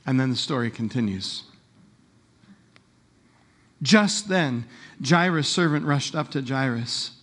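A man preaching a sermon as pastor, retelling a story with animated delivery and slowing down for emphasis. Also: mid-range voice.

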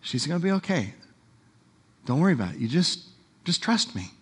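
A man speaking as a gentle reassuring healer. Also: fairly high pitch, very animated, moderate pace, slightly rough. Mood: urgent reassuring. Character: Jesus, calm reassuring male healer.

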